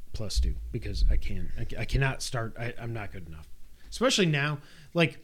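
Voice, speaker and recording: A man in casual podcast chat, excitedly retelling his time playing a video game and acting out moments with sound effects and little voices. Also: mid-range voice. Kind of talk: casual chat recounting gameplay.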